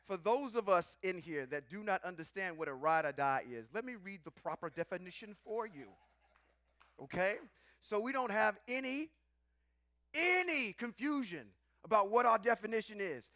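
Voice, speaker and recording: Playful guy teaching a live crowd, bright voice, dry close sound. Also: high-pitched, moderate pace, long pauses, dry recording. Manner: animated, playful, calls out to the audience. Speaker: teacher of scripture.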